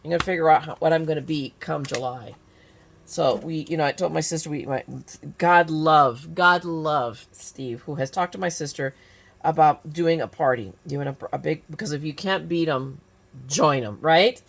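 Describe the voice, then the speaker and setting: Low-pitched and gravelly, a woman in her fifties speaks at a normal pace. She runs a crafting YouTube channel in California, and this casual tutorial chat is full of false starts and jokes at her own expense.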